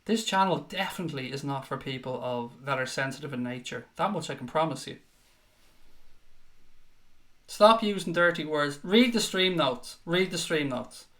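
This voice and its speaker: Sweary fan commentator. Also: male voice, fairly high pitch, expressive, normal speed. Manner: frustrated, sweary, outbursts of shouting. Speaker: watchalong host. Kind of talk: live fan reaction commentary.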